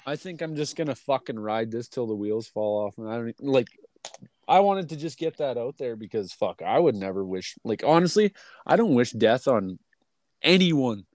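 A man's voice: mid-range voice, animated, moderate pace, darkish tone, no room sound. A man on a podcast talking casually, blunt and heavy on swearing, who says he isn't feeling well. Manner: blunt, profane, venting. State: feeling unwell. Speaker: podcast co-host.

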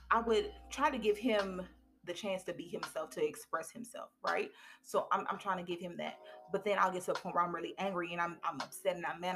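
A woman's voice: on the low side, fairly bright tone, slight background noise. A woman in her thirties hosting a podcast, giving a candid, colloquial motivational talk. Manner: candid, colloquial, preachy storytelling. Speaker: podcast host.

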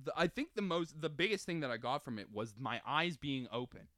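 A young man co-hosting a podcast, telling a story in animated casual chat and acting out his own shouts. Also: fairly high pitch, fairly quick, no echo, clean studio sound. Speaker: podcast co-host.

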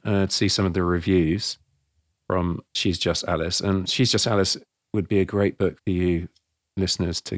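A man hosting an interview, speaking gently, affirming his guest and asking leading questions. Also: sits low, no echo, clean studio sound. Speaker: host.

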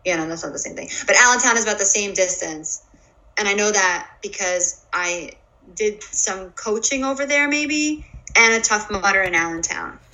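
A bright, forceful woman co-hosts a podcast in loose, casual chat. She is from Pennsylvania and talks emphatically, pressing her points home. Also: medium pitch, lively intonation, normal speed, poor audio. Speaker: podcast co-host.

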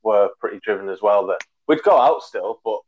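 A man's voice: fairly low pitch, expressive, brisk, husky. A man in his twenties chatting casually, a rambling storyteller who corrects himself as he goes. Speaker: podcast co-host. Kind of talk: casual chat. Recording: muffled lo-fi recording.

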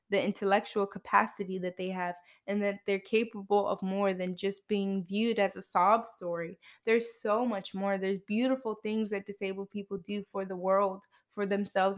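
Twenties woman doing her podcast, frank casual talk, wry asides, mid pitch voice. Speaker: podcast host. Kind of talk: casual monologue.

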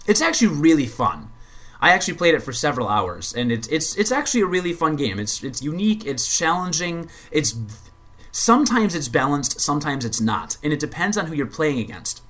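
A man's voice: a little high, sing-song, brisk, fairly bright tone. A man casually explaining and reviewing a video game's card minigame, rambling with frequent restarts and blunt opinions. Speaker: game reviewer. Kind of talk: casual spoken game review.

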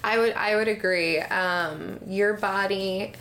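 A woman's voice: mid-range voice, steady tone, slow pace, fairly bright tone, a little hiss or hum. A young woman hosting a podcast, chatting casually, playful and giggly, swearing now and then. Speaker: podcast host. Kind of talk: casual chat.

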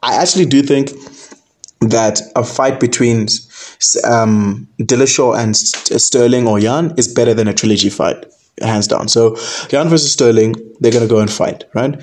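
A young man talks through fight news on his own in a loose, rambling way, and his voice sits at an ordinary middle pitch. He leans on "man" and "right?" throughout his casual commentary. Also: normal speed, darkish tone. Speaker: combat sports podcast host.

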